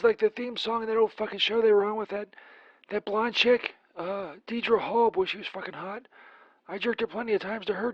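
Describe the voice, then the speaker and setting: A man's voice: high voice, no room sound, lo-fi sound. A man voicing a crude, rambling Saint Peter who leaves a profane voicemail full of filler words, as a comedy bit.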